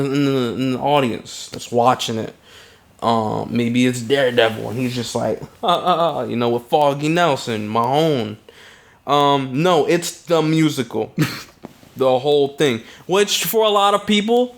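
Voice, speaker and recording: A man co-hosting a casual film review podcast, talking in an easygoing, halting way with frequent pauses. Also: medium pitch. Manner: easygoing, halting, many ums and restarts. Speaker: podcast co-host.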